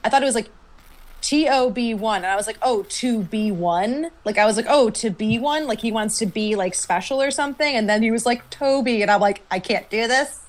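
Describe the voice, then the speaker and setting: A woman co-hosting a podcast in casual chat, excitable, laughing often and acting out quotes. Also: on the high side, fast. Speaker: podcast co-host.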